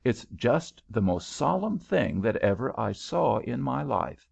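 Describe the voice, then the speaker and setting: A man's voice: mid-range voice, sing-song, measured pace, vocal fry, a little mellow, breathy edge, no echo, full character voice. A man voicing an earnest, wondering young American girl in a storybook reading. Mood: awed. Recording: dull lo-fi recording.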